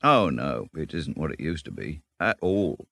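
A man reading a storybook, voicing a cheerful, self-assured male water rat who talks briskly and chattily. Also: rumbling low, sing-song, vocal fry, bright, forceful tone, breathy edge, dry recording, exaggerated voice. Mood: knowing. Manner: brisk, chatty, lightly laughing.

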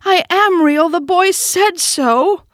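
A woman voicing a shy little male toy rabbit in a storybook reading, speaking in a high, earnest, pleading way. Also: expressive, moderate pace, fairly bright tone, dry recording, clean studio sound. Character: small shy velveteen toy rabbit, male, longing to be real.

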